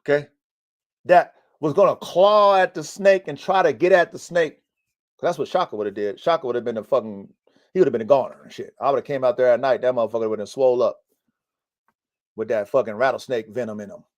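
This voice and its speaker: A man's voice: medium pitch, brisk. A man hosting a casual live-stream podcast about his dogs, talking bluntly and preachily, swearing often and repeating himself for emphasis. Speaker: podcast host and dog breeder. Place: home in the mountains.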